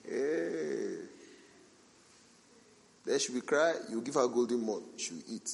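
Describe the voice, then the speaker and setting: A male pastor delivers a lively sermon at a mid pitch. He tells everyday stories, fires off rhetorical questions and slips into the voices of the people he quotes. His voice rings through a large hall with a long reverb. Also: unhurried, gravelly, long pauses, slight background noise.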